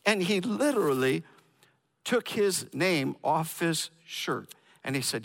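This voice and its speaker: High, bright-voiced man telling a story. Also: lively intonation, vocal fry. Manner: halting, often repeats words and restarts. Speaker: speaker telling a personal story. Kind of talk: casual spoken storytelling.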